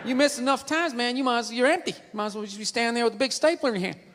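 A comedian voicing a blunt, rambling Southern redneck man with a drawl, shouting and trailing off, recorded live in a roomy hall with a loud crowd. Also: extremely high pitch, racing, heavy background noise, voice pushed down. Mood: lecturing.

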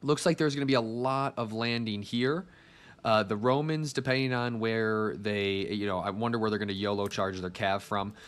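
A man's voice: fairly low pitch, moderate pace, a bit bright, smooth. A man giving casual gameplay commentary as a video host, chatting straight to his viewers.

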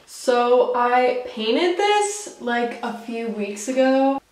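A woman's voice: on the high side, sing-song, drawn-out words, a little mellow, faint music behind. A young woman vlogging from her room at home, chatting casually and swearing now and then, recorded on the camera's own mic. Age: young adult. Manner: casual, swearing, lots of "like" and "literally". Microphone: camera mic, no external mic. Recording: roomy, distant camera audio.

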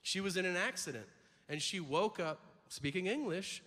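A man's voice: high voice, lively intonation, moderate pace, fairly bright tone. A man performing a stand-up comedy set in a large venue, crude and punchy, often laughing through his lines. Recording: hall reverb and audience noise from a played clip.

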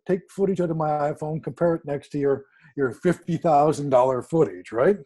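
A man with a husky, mellow voice and a fairly high pitch tells a story casually. He acts out every quoted line and jumps his pitch to play each person. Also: brisk. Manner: animated, acts out quoted dialogue. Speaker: guest speaker.

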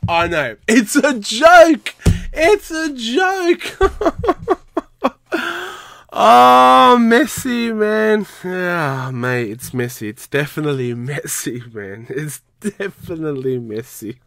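A man's voice: a little high, a bit bright, no echo, studio quality. A young man ranting heatedly in a vlog, exasperated, breaking into laughter now and then. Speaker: YouTube football vlogger.

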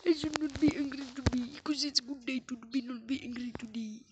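A woman's voice: sits high, little pitch movement, fairly quick. A woman chatting casually over a game she is playing, rambling to herself, humming and singing snatches and slipping into whispered asides. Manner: rambling, hums and sings to self, drops into whispered asides. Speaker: gaming channel host. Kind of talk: casual gameplay commentary. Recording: noisy background.

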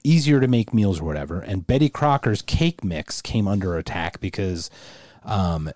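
A podcast co-host with a deep, darkish voice chats casually at normal speed, animated and rambling, restarting often and imitating the people he talks about. The audio is studio quality with no echo.

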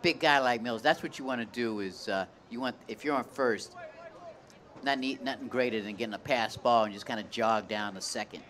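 Bright folksy man doing color commentary. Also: medium pitch. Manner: folksy, conversational, quick to react. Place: outdoor baseball stadium.

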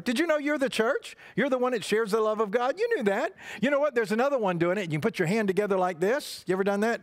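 A man's voice: sits high, expressive, fast, hardly any pauses, no room sound, clean studio sound. A male pastor telling a playful children's story in church, asking the kids to join in. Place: church sanctuary.

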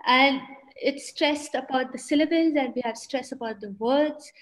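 A woman's voice: sits high, moderate pace, low-quality recording. A woman with an Indian English accent presenting on a panel, chatty and full of fillers.

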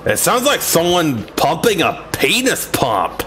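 A man giving profane, exasperated commentary over a video game, dropping from low grumbles to high shouts. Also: expressive, measured pace, soft background music. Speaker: gameplay commentator.

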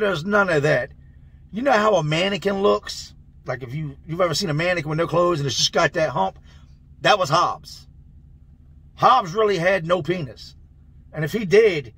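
A man telling a long story in a loose, slangy, animated way. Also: high voice, breathy edge. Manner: loose, slangy, animated, laughs through the tale. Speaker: channel host telling prison stories. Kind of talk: casual storytelling.

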